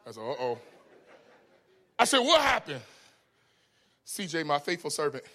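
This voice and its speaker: A man preaching a humorous, storytelling sermon. He is folksy and conversational, laughs often, and swings from shouts to hushed asides. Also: a little high, lively intonation, normal speed, slight background noise.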